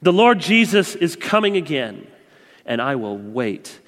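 A man's voice: a little high, big pitch swings, unhurried, a bit bright. A man in his thirties preaching a sermon as a pastor, passionate and emphatic with frequent repetition. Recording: long reverb from a large room.

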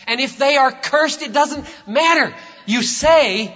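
A man preaching a sermon, swinging from hushed tones to shouts with an emphatic, repetitive cadence. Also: extremely high pitch, animated, takes it slowly, few pauses. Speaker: pastor. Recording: reverberant hall, dull lo-fi sound.

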